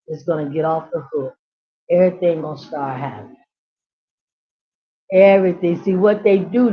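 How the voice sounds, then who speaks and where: A woman who speaks on inner child healing gives a passionate teaching monologue, building up repetitively like a preacher and using casual, colloquial grammar. Her voice is medium-pitched and the recording sounds muffled.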